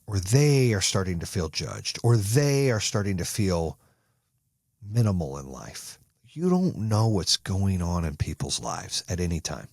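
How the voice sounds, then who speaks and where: Male motivational podcast host, low husky voice, profane and emphatic, very lively delivery. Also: no echo, clean studio sound. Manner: profane, emphatic, gets loud and high when excited. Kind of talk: motivational monologue.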